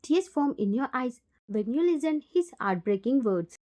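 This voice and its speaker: Woman reading fanfic voiceover, indian english accent, warm higher voice. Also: expressive, normal speed. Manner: plain, second-person storytelling. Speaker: fan fiction narrator. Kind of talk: fan fiction voiceover narration.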